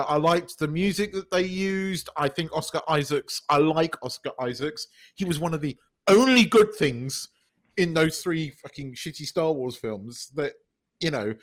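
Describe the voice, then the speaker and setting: A man's voice: on the high side, fairly bright tone. A man co-hosting a podcast, talking casually and opinionated, stumbling over repeated words and swearing. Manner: stammering restarts, sweary, opinionated. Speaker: podcast co-host. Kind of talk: casual chat review.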